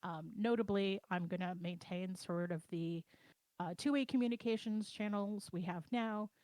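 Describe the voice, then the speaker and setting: A woman co-hosting a casual livestream chat, explaining plans in a relaxed, conversational way from home over a voice call. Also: medium pitch, moderate pace, no echo. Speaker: project co-owner and co-host. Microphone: computer mic on a voice chat.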